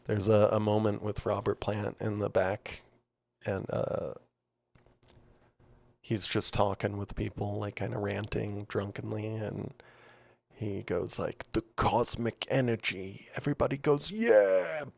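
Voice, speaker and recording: Podcast co-host, male, low gravelly voice, dry close sound, rambling storyteller. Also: darkish tone, dry recording. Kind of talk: casual chat.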